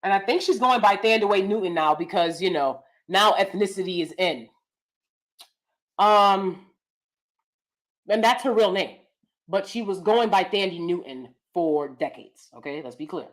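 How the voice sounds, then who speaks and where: A woman's voice: medium pitch, a little slow. An American woman with a regional accent that slips in and out of neutral speech, giving emphatic opinion commentary to her viewers. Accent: American regional accent mixed with neutral speech. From United States. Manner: emphatic, lecturing, repeats points with "okay?". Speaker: commentary vlogger.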